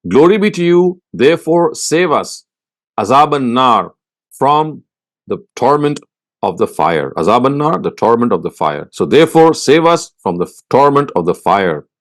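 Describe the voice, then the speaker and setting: A man gives a word-by-word scripture lesson with a lively, rising and falling pitch. He moves slowly and methodically, glossing each term and then restating the whole meaning. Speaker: Quran teacher.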